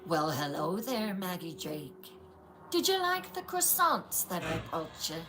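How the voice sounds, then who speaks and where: A woman voicing a cloying elderly woman with a sugary, high voice. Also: sing-song, measured pace, background noise.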